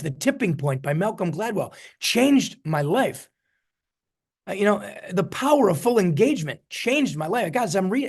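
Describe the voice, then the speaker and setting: A middle-aged man giving an energetic, preachy motivational talk on a video call as a network marketing mentor, repeating his key phrases. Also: high voice, slightly rough.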